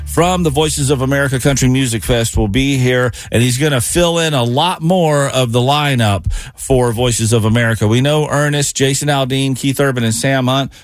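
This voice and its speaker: A man's voice: medium pitch, fairly quick, few pauses, no echo. A man hosting a morning radio show in a studio, with upbeat, joking banter. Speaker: radio host. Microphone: studio microphone.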